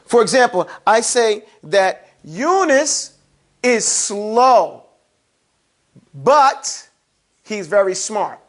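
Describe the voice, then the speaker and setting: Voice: medium pitch, big pitch swings, very slow, long pauses. Teacher leading a call-and-response class. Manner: call-and-response prompting, plain everyday examples. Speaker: Arabic grammar teacher. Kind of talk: interactive classroom lesson. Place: classroom with students.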